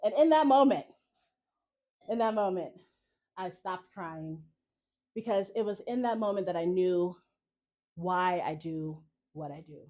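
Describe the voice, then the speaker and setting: Expressive woman telling a story live. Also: lowish voice, a little slow, long pauses. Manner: expressive, laughs often while telling. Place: cafe event in the mountains.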